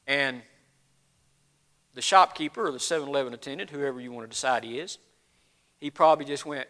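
A man preaching a sermon in a folksy, animated storytelling way, his voice getting cracky. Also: mid-range voice, a little fast, long pauses. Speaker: pastor.

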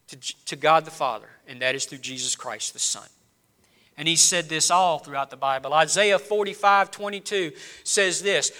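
A man preaching a sermon in a church, swinging between low, quiet lines and loud, rising appeals. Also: normal speed. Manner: preaching with rising and falling intensity, dropping low then building loud. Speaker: pastor.

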